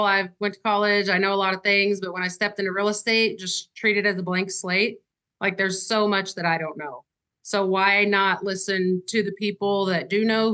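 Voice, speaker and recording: A woman's voice: medium pitch, sharp tone. A woman guest on a casual podcast interview, talking candidly and conversationally. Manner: candid, conversational, uses "you know" and "like" often. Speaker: real estate agent, guest.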